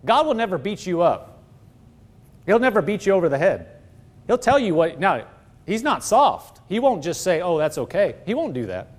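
A man's voice: sits high, sing-song, normal speed, long pauses. A man preaching a sermon as pastor, emphatic, throwing rhetorical questions at the congregation.

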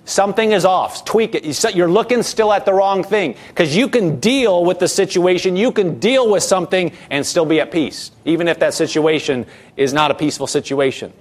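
A man's voice: high-pitched, normal speed. A man pastor preaching a sermon in a conversational way, repeating key phrases and restarting sentences as he talks.

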